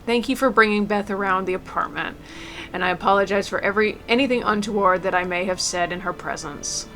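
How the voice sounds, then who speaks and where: A woman reading aloud as an elderly mother, gentle and tender, with small stumbles. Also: mid-range voice, brisk, soft background music. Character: elderly mother writing a farewell letter. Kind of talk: reading a game letter aloud.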